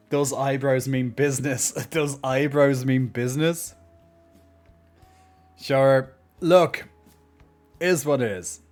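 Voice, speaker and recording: A man's voice: medium pitch, takes it slowly, long pauses, a little mellow, soft background music. Cheeky joking male streamer. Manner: laughs often, many restarts, joking and cheeky. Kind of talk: casual live-stream chat.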